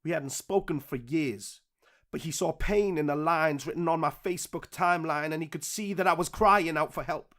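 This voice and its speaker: A man's voice: on the high side, fairly bright tone, pitched above the performer's own voice. A man rapping a cappella in a put-on American accent, rhythmic and earnest, recorded on a USB microphone. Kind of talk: a cappella rap.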